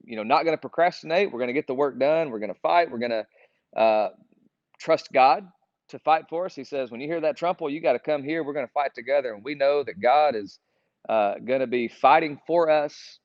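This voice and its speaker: A man's voice: medium pitch, brisk, no room sound. A man leading a casual group Bible study, talking earnestly and reading scripture aloud. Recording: dull, dry lo-fi recording.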